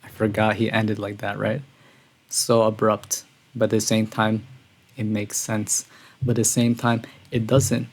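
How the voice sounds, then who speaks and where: A man streaming a music reaction, talking casually and excitedly, breathless and calling his viewers "bro". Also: lowish voice, a little slow, breathy edge. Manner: excitable, says "bro" often, gushing. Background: song playing quietly.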